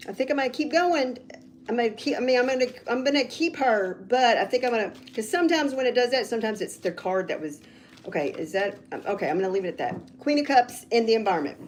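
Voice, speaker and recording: A woman reading tarot cards on a casual livestream, rambling and getting loud when she's excited. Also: fairly high pitch, fast talker, a little hiss or hum. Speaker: tarot reader.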